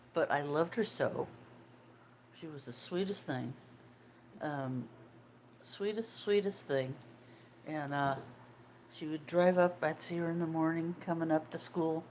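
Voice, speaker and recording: An older woman in her sixties talks in a low, easy voice, hosting a casual livestream. She chats away and answers viewers' comments as they come in. A faint room ambience sits behind her. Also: a little hiss or hum. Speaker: livestream host.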